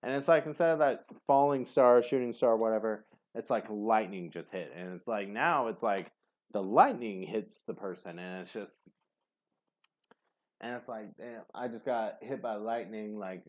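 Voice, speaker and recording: A man's voice: fairly low pitch, normal speed. A man giving a casual tarot reading to camera, rambling and hesitant, with many fillers. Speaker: tarot reader.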